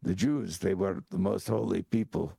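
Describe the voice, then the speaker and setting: A man voicing an elderly, stern monk who speaks slow, deliberate English. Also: low-pitched, steady tone, creaky, warm tone, breathy edge, no echo, studio quality, full character voice. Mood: insistent.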